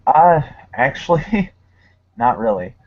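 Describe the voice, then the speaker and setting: A man's voice: a little high, big pitch swings, slow, husky, dull audio. A man in a casual chat, telling stories and laughing at himself. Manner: laughing, self-mocking storyteller.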